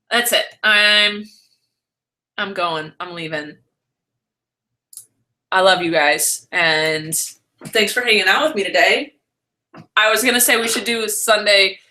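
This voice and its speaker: Young woman vlogger, bright lively voice, ranting live stream chat. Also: medium pitch. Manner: animated, ranting, frequent laughter.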